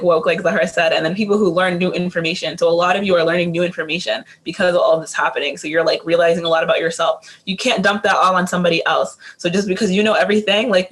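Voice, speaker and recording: A man who works as a teacher, giving casual advice on a panel, talking rapidly with many fillers and restarts. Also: high voice, a bit bright.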